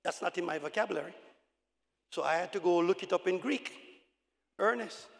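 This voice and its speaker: Older male preacher, high gravelly voice. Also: a little fast. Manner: call-and-response preaching, swings from shouting to quiet. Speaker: pastor. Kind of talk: evangelistic sermon. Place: large church hall. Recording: long hall reverb.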